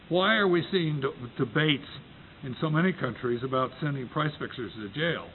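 A man's voice: mid-range voice, gravelly. A man from the United States moderating a panel, introducing the topic with frequent restarts and a wry story. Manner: halting, self-correcting, wry storyteller. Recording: tinny phone-like recording with faint noise.

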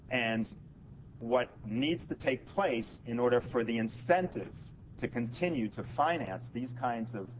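Low-voiced man presenting on a panel. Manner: measured, policy-minded, frequent fillers and restarts. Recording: dull lo-fi conference recording, faint noise.

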